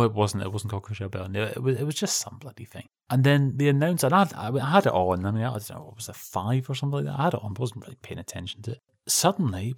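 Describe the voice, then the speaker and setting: Brief: male podcast co-host, wry and rambling, middle pitch, dry close-miked sound. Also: darkish tone, breathy edge, dry recording. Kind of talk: casual chat reviewing old TV.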